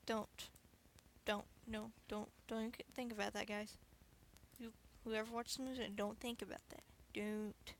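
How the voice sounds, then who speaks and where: A woman's voice: on the high side, little pitch movement, a little slow. Woman gamer talking to her viewers, sarcastic and profane, faint background hiss. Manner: sarcastic, swears freely, talks to viewers. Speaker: gaming video host. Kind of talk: casual let's-play commentary.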